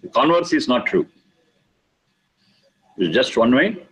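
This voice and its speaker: A man teaching a lesson on scripture, speaking slowly and emphatically, repeating key words for stress. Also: mid-range voice, big pitch swings, fairly bright tone, slightly rough, low-quality recording. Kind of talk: lecture explaining scripture.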